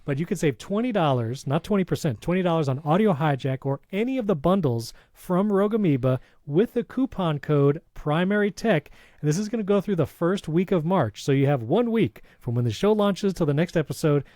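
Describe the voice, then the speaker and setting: A man's voice: fairly high pitch, animated, dark tone, no room sound. A man co-hosting a tech podcast, chatting casually and reading a sponsor spot with enthusiasm. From Hispanic background. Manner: enthusiastic, reads sponsor spots with quick asides. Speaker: podcast co-host.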